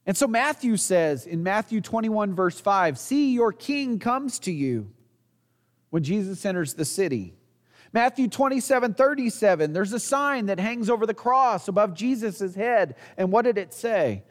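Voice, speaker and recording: A man's voice: high-pitched, lively intonation, normal speed, long reverb tail. A man preaching a sermon as pastor, earnest, asking the congregation rhetorical questions and sometimes restarting a phrase.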